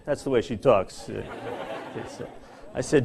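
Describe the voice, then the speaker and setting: A middle-aged man gives a comic speech to a large employee audience, telling stories with animated, self-mocking delivery and dramatic pauses. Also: mid-range voice, vocal fry, slightly rough, a faint crowd. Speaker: corporate speaker at an employee seminar. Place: large hall before an audience.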